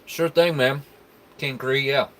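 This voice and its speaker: A man's voice: mid-range voice, steady tone, takes it slowly, a bit bright. Laid-back man on a live stream. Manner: laid-back, rambling, reads viewer chat aloud. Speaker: live stream host reviewing military rations. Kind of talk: casual live-stream chat.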